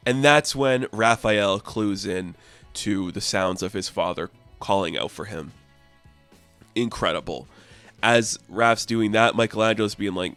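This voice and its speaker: A man talking through a comic book review in an enthusiastic, chatty way, with quick plot recaps. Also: on the low side, fairly bright tone, clean tone, dry recording, faint music behind.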